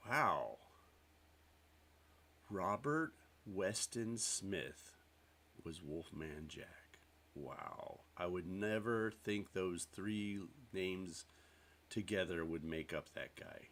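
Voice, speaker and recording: A man's voice: sits low, animated, very slow, pauses often, a bit bright. A man hosting a live stream, chatting casually with viewers in a rambling, self-deprecating way. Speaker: livestream host.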